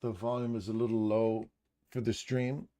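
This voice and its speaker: A man with a lowish, level, mellow voice hosts a trading livestream at normal speed. He chats and jokes casually as he works through his audio settings out loud, picked up by a studio condenser mic.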